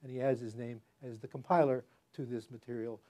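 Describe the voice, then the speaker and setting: An older man giving an academic public lecture in a hall, speaking haltingly with many fillers and restarts. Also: mid-range voice, steady tone, warm tone.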